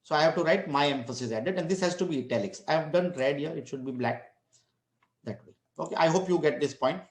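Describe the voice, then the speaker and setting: High-voiced man lecturing in an echoey room. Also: fast. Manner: explains step by step, many restarts and tag questions. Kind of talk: online lecture on citation.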